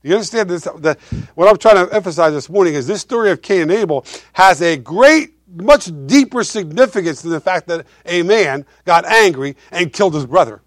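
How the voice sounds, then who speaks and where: A male pastor preaching a sermon, swinging between loud emphasis and quiet asides while asking his congregation questions. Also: high voice, lively intonation, brisk, dry recording, studio quality.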